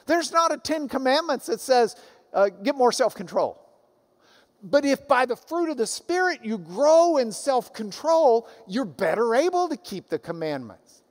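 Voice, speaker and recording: A man preaching a sermon as pastor, animated, dropping to soft asides. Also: extremely high pitch, moderate pace. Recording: long hall reverb.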